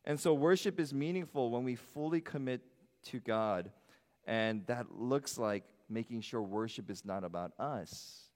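A middle-aged man preaches in a mid-range voice, animated, surging loud and high before dropping to near-whispers. His words ring out with a long hall reverb. It sounds like a live church service. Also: normal speed. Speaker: pastor. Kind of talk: sermon. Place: church sanctuary.

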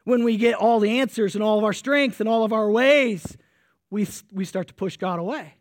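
A man preaching a sermon with energy, swinging between loud emphasis and quiet intensity, sweating as he speaks to a congregation. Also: high voice, moderate pace, dry recording, studio quality. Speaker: pastor.

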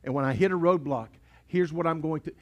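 A male pastor, preaching a sermon in a church sanctuary, building from hushed asides to shouted repeated lines. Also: a little high, fairly quick, dull audio. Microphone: pulpit mic.

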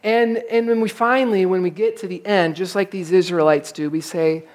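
A middle-aged male pastor preaching in church, telling a personal story in an animated, self-mocking way and acting out his frustration. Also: sits high, brisk.

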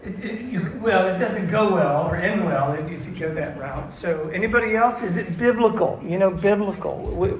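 A man's voice: high voice, moderate pace, hardly any pauses. A man as a pastor giving an interactive, conversational sermon to a church class, often asking the audience questions. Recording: roomy echo with faint room noise.

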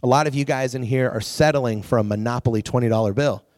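A man's voice: mid-range voice, quick pace, no echo, studio quality. A man preaching to a youth group, telling stories animatedly and acting out quotes. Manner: animated storytelling with acted-out quotes. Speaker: youth pastor.

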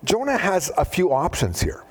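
A man preaching a sermon, animated, often acting out biblical dialogue in different voices. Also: high voice, moderate pace. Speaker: pastor.

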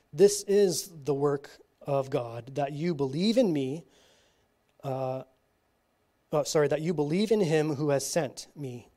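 A man reading scripture slowly at a church teaching, breaking off for casual asides and frequent checks like "okay?". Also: on the high side, mellow. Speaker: Bible study teacher.

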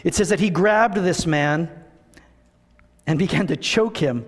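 A male pastor preaching to his church in a conversational, animated way, full of rhetorical questions. His voice sits notably high. Long reverb from the church hall trails every phrase. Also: unhurried, long pauses. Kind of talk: sermon.

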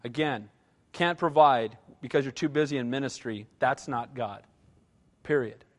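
A man's voice: medium pitch, normal speed. A middle-aged male pastor giving a conversational sermon, repeating short punchy phrases and often checking in with the congregation by asking "right?".

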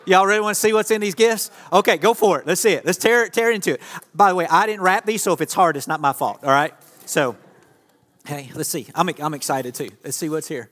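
Recorded in a church hall with a long echo, a male pastor talks briskly in a high, somewhat bright voice. His sermon is interactive and casual, full of jokes aimed at the volunteers and the audience around him.

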